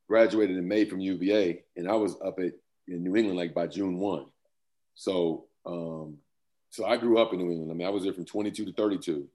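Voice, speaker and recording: A man's voice: low-pitched, a little mellow. A man in his fifties, a former pro football player, talking loosely as an interview guest and laughing often. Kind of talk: casual interview talk.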